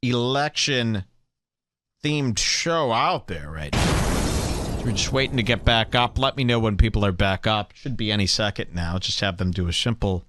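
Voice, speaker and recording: A man hosting a live stream, mocking a rival show with sarcastic, salesman-like pitches. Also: lively intonation, normal speed, a bit bright. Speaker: host. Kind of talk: mock-promotional live stream commentary.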